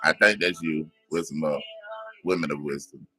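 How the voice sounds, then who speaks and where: A man's voice: very deep voice, fairly even intonation, normal speed, pushed and bright, breathy edge, soft background music. A man hosting a livestream, casually greeting viewers one by one by name, tripping over names and laughing at himself. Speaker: livestream host.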